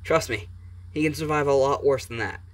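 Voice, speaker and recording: A man's voice: mid-range voice, fairly quick, distant mic, pitched above the performer's own voice, lightly acted. A man voicing a tough young female fighter in a fan-made story reading, with a dry, offhand delivery.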